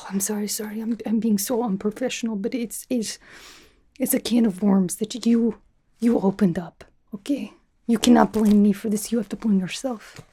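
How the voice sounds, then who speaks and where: A young woman voicing a brash, teasing female spy who interviews a recruit, in whispered role-play with a soft, half-whispered, rambling way of talking. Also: medium pitch, steady tone, moderate pace, slight background noise, natural voice. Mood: playful teasing. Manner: teasing, chatty, self-absorbed, drops articles. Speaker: ASMR creator.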